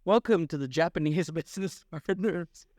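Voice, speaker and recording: A man's voice: a little high, moderate pace, darkish tone, dry recording, studio quality. A man co-hosting a podcast in casual chat, wry and teasing, laughing along. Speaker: podcast co-host.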